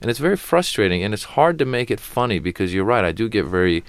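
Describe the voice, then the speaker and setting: Earnest comedian from Iran, deep smooth voice, dry studio sound. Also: male voice, big pitch swings, quick pace, dry recording. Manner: earnest, passionate. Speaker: comedian guest. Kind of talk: radio interview.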